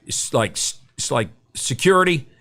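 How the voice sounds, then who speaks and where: A man's voice: medium pitch, sing-song, measured pace, fairly bright tone. A middle-aged man, a guest broadcaster, telling anecdotes in a podcast interview and acting out the quotes.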